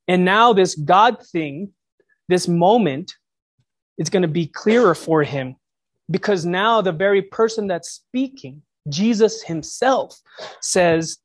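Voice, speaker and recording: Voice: mid-range voice, slow. A preacher delivering a reflective sermon, posing rhetorical questions to the listeners.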